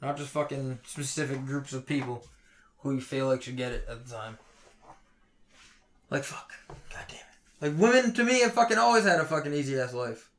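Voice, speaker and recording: A young man ranting heatedly on a casual podcast, swearing constantly and swinging between loud outbursts and low mutters. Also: normal speed, long pauses. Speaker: podcast co-host.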